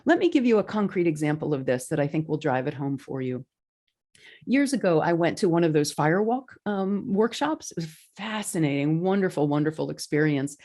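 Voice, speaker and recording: A woman hosting a podcast, speaking in an earnest, inspirational monologue with animated storytelling. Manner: earnest, animated storytelling with lively pitch swings. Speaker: podcast host.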